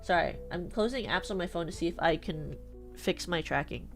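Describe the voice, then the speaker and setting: Over soft background music, a young woman VTuber with a West Coast American accent chats on her stream in a lowish voice with vocal fry, at normal speed. She rambles casually, using lots of fillers and starting sentences over.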